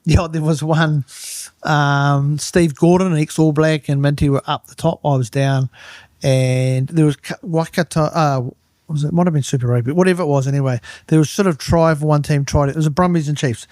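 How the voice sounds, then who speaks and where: A man with a New Zealand accent, a turf manager chatting as a podcast guest and telling animated stories, jumping higher when he quotes people. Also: fairly quick, no echo, clean studio sound. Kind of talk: casual chat.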